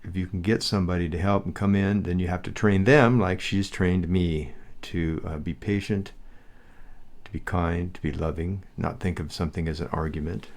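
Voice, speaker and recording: An older man co-hosting a candid podcast, talking in a steady, thoughtful, plain-spoken way. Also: sits low, moderate pace. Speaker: podcast co-host, husband.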